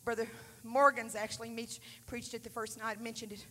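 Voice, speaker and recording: A woman preacher with a high, bright voice, swinging between hushed whispered storytelling and loud, shouted Pentecostal preaching. She was recorded live in a church, and long reverb trails off behind her. A faint hum sits under the sound. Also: level tone, a little fast. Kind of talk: Pentecostal sermon. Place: church sanctuary.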